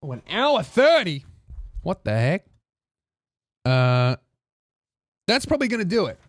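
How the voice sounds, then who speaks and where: A man's voice: sits high, huge pitch swings, measured pace, no room sound, clean studio sound. A man hosting a comedy podcast, reading viewer emails aloud and riffing on them with profane, mocking asides.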